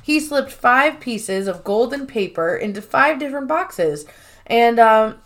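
Woman, podcast co-host, casual chat, animated storytelling, acts out lines. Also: fairly high pitch, measured pace. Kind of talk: casual chat recapping a TV episode.

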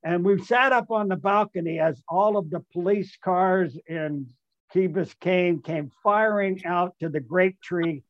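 Older male storyteller, higher-pitched, rambling and amused; dry, dull remote-call sound. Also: measured pace, no echo. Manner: rambling, self-amused, restarts and fillers, acts out voices in quotes. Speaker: guest, retired baseball player. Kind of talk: storytelling anecdote.

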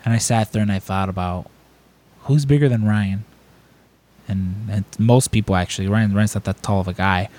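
This man hosts a podcast and chats casually, his lowish voice moving at an ordinary speed. His stories ramble, and he animatedly performs other people's quotes by raising his voice.

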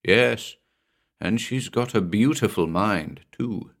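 A man voicing a troubled, brooding man confined to an asylum, speaking in a slow, gentle, strained way. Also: on the low side, voice pushed up.

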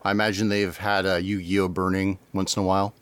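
A man's voice: low-pitched, little pitch movement, a little fast, a bit bright, smooth, no room sound. A man co-hosting a podcast, chatting casually with short reactions and jokes. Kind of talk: casual chat.

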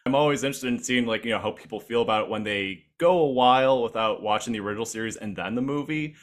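A man's voice: medium pitch, fast. Man asking long, rambling questions. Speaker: podcast host. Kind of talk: casual interview questions.

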